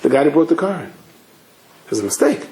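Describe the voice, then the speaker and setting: A male rabbi tells a story in his sermon with an animated, acting-out delivery. His voice sits fairly high for a man. A roomy echo surrounds it. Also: brisk.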